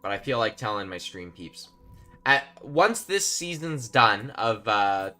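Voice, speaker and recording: A chatty man streams a game, rambling to his viewers between moments of play. His voice sits a little low but rings bright and forceful, with faint music underneath. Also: big pitch swings, measured pace. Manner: chatty, rambling, talks to chat while playing. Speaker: gaming live-streamer. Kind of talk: casual live-stream gameplay commentary.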